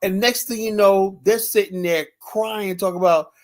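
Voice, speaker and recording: A man's voice: high-pitched, fairly even intonation, moderate pace. A man chatting casually on a podcast, telling rambling stories full of fillers and acting out what others said in a raised voice. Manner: rambling storytelling, acts out quotes in a raised voice; heavy use of fillers like "and whatnot".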